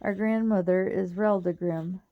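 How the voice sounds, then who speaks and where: A woman's voice: mid-range voice, fairly even intonation, a little slow, narrow, tinny audio, close to an everyday voice. A woman reading the lines of a bold, impatient young girl in an urgent, direct way.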